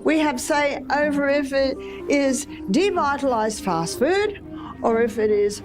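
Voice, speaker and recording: A woman's voice: high-pitched, a little slow, music in the background. An Australian woman lecturing an audience on health in a chatty way, repeating phrases for emphasis. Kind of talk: live talk to an audience.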